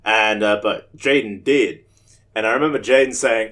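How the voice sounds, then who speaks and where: On a laid-back podcast, a young Australian co-host rambles through a profane story at normal speed. His voice is fairly low, and he bursts into loud, animated impressions when quoting people.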